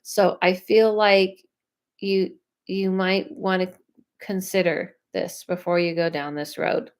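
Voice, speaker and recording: A woman's voice: on the low side, little pitch movement, takes it slowly. Chatty woman medium on a live stream. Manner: chatty, self-interrupting, thinks aloud; reads viewer questions aloud. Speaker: psychic medium. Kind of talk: live-stream reading chat.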